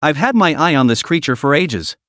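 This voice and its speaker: A man voicing a brash, trash-talking male magpie beast who bullies others loudly. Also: fairly high pitch, big pitch swings, a little fast, no echo, studio quality. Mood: sneering bully. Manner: sneering, bullying, loud.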